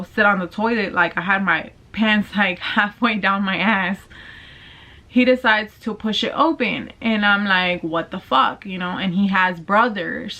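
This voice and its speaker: A young woman tells a personal storytime vlog, casual and candid, full of slang and swearing. Her mid-range voice is bright and forceful, and the recording has a dull lo-fi sound.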